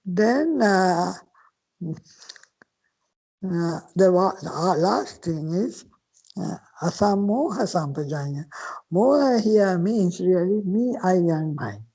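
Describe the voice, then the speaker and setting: Her voice is fairly low, expressive, dark and slightly rough, and the recording itself is rough. This older Buddhist nun patiently and slowly expounds teachings in a dharma talk, weaving in Pali terms and occasionally lowering her voice to whispered phrases.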